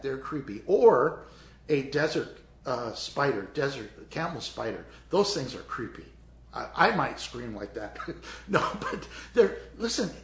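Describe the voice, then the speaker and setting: A man preaching a sermon as pastor in a chatty, animated way, acting out scenes as he goes. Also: high voice, echoey room. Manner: animated, conversational, acts out scenes.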